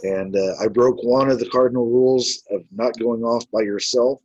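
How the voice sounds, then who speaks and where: A man's voice: medium pitch, fairly even intonation, normal speed, darkish tone, breathy edge, no room sound, dull audio. A man who investigates the paranormal, telling his stories in a casual, rambling way with many filler words. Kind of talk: casual storytelling.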